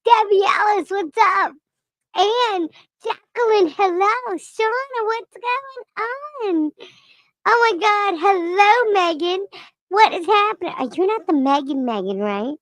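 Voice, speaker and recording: Krayola, a squeaky, hoarse, excitable lemur. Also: slow pace, no room sound, full character voice. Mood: bubbly. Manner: bubbly, gushing, calls out names one by one. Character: excitable chatty lemur character. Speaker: livestream host. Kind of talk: livestream greetings to viewers.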